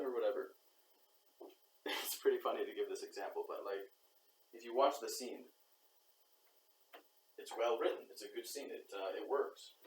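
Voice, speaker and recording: A man's voice: mid-range voice, normal speed, pauses often. Man musing aloud in an echoey room. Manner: thinking aloud, acts out quoted reactions. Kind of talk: reflective monologue. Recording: roomy echo, far from the mic, faint background noise.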